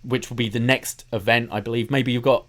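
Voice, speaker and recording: A man co-hosting a casual wrestling podcast, measured as he recaps dates and venues. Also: medium pitch, fairly even intonation, crowd noise. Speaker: podcast co-host.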